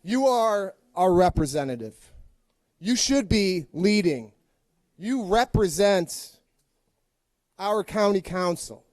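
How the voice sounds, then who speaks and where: A man's voice: high-pitched, lively intonation, slow, long pauses, a little mellow, no echo. A male teacher giving a fiery, confrontational public comment with wry humor.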